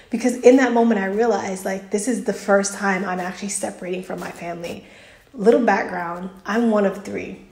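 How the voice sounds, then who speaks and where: A woman's voice: medium pitch, darkish tone. A woman vlogger chatting earnestly, telling a personal story in a casual, faith-filled way. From United States. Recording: roomy echo.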